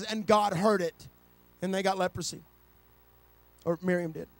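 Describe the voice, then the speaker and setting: A middle-aged man preaching a sermon, telling a personal story and rising to loud, passionate peaks. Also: sits high, no room sound.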